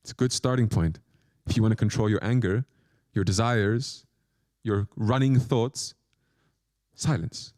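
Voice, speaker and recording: A man's voice: fairly low pitch, unhurried, a little mellow, no echo, studio quality. A man, a monk, giving a spiritual lecture with playful, self-mocking asides and short phrases repeated for emphasis. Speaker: monk teacher.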